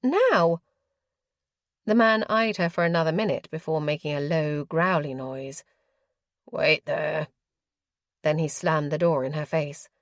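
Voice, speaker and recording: A woman with a deep voice narrates a historical romance audiobook from a script, using a measured, expressive storytelling style. The recording is studio quality with no echo.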